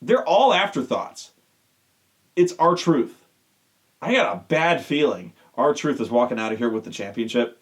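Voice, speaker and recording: A man's voice: medium pitch, lively intonation, measured pace. Exasperated swearing man ranting. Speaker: show host. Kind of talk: profane rant.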